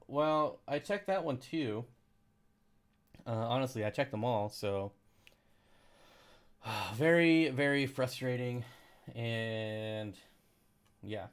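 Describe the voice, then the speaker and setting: Rambling sarcastic man live-streaming. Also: mid-range voice. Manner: rambling, sarcastic, easily frustrated. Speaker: aquarium channel live streamer. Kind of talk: casual live stream chat reading comments.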